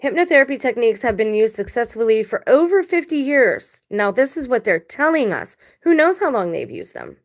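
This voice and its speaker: A woman's voice: fairly high pitch, sing-song, brisk, hardly any pauses. Blunt, emphatic woman vlogger. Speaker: video blogger. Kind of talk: casual commentary to camera.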